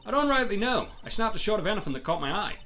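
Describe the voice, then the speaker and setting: A man's voice: high-pitched, big pitch swings, very fast, bright, forceful tone, soft background music, pitched above the performer's own voice, heavily acted. Lotta Hart, a man doing a brash southern gal. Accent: Southern US, put on. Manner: boisterous folksy drawl. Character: loud brash southern woman photographer. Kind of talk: video game voice reading.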